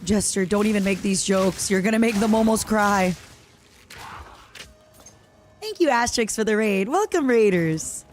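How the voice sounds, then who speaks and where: Young woman streamer with an Eastern European accent, mid-pitched, very lively and excitable, live gaming chat. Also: measured pace, pauses often, soft background music. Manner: excitable, reacts loudly to the game and chats with viewers.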